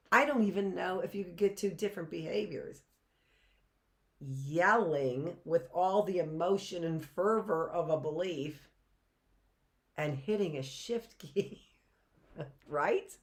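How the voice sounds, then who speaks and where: A middle-aged woman with a medium-pitched voice teaches a live online class in a chatty manner, often checking in with "right?" and posing rhetorical questions.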